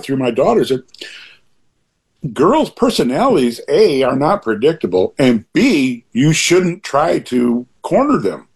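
A man's voice: medium pitch, darkish tone, husky. An older man talking in a casual interview, rambling through asides and restarts while making emphatic, opinionated points. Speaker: interview guest.

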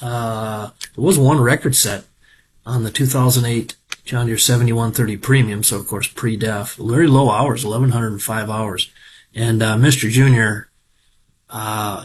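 A man's voice: on the low side, fairly even intonation, unhurried, breathy edge. A middle-aged man from Minnesota giving a rambling, folksy spoken report on farm equipment auctions, with lots of fillers.

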